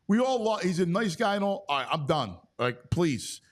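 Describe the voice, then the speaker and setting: A man's voice: high-pitched, big pitch swings, moderate pace. A man hosting a sports talk show, chiming in with emphatic, exasperated comments in casual chat.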